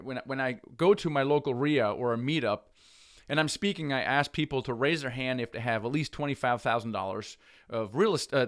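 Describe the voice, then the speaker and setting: A man teaching real estate investing straight to camera, persuasive and energetic, restarting phrases as he goes. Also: mid-range voice. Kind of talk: direct-to-camera teaching talk.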